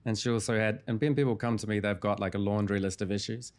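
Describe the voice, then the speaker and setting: A man, a hypnotherapist guest in an interview, calmly retelling a client's session in a measured storytelling way. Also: lowish voice, clean tone.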